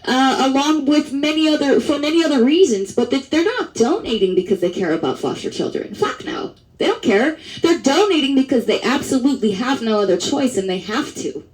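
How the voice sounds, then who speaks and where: A woman's voice: sits high, expressive, fairly quick, hardly any pauses, darkish tone, low-quality recording. Woman vlogger, rambling monologue, lots of restarts, blunt and profane. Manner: rambling, with many restarts and fillers. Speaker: advocacy vlogger. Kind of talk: casual monologue to camera.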